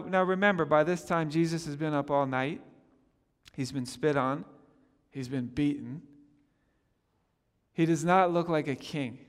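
A man preaching a sermon, animated, acting out the speakers he quotes and often repeating his words. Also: high-pitched, in a large hall.

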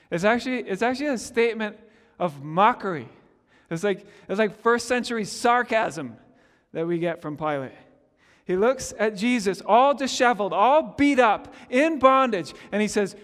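A man preaching a sermon, animated, acting out the speakers he quotes and often repeating his words. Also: high-pitched, normal speed, long reverb tail.

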